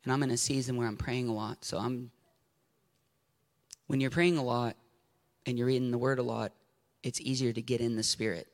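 A man preaching a sermon, building to shouted passion and then easing into quiet storytelling. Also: medium pitch, steady tone, moderate pace, pauses often.

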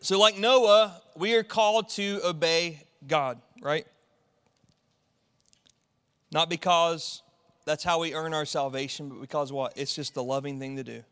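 A man delivers a sermon in a loose, chatty way, tossing in fillers and quick asides to the congregation. His voice sits high for a man. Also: a bit bright, clean tone, big-room sound. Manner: casual, conversational preaching with many fillers. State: tearful, sniffling. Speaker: pastor.

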